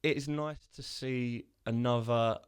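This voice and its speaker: A man's voice: mid-range voice, steady tone, measured pace, smooth. A man co-hosting a casual film podcast, retelling scenes and acting out the lines. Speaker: podcast co-host. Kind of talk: casual film review chat.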